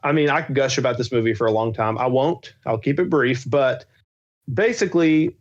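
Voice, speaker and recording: A man's voice: medium pitch, fairly quick. Eager rambling young man, muffled sound. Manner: enthusiastic, rambling with many fillers. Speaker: podcast co-host. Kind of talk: casual chat. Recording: slightly dull lo-fi sound.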